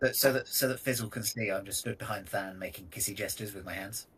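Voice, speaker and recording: A man's voice: lowish voice, quick pace, fairly bright tone, breathy edge, far from the mic. A man chatting as a player in a tabletop game, teasing and wry. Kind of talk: casual tabletop game chat.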